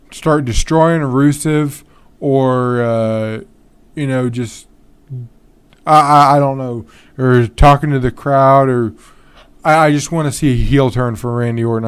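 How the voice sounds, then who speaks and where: A man's voice: medium pitch, clear, resonant tone. A man hosting a podcast on his own in a casual, rambling way, full of ums and restarts, yawning and tired. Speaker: podcast host. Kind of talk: casual solo podcast talk.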